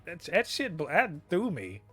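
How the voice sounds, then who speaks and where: Animated, profane man reviewing a show. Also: high-pitched, moderate pace, husky, faint music behind. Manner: animated, profane, laughs often, exclaims in disbelief. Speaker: podcast co-host reviewing a TV episode. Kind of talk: casual review chat.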